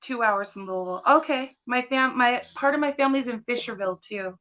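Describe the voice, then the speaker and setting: A woman co-hosting a casual livestream chat, chatty and quick to laugh, reading out viewer comments. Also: a little high, pushed and bright, lo-fi sound.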